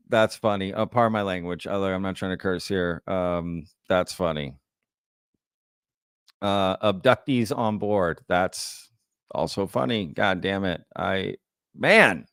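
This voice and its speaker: Man with a gravelly low voice. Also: slow, pauses often, no echo, clean studio sound. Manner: laughs often, reads chat comments aloud. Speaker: livestream host. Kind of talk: live Q&A reading chat comments.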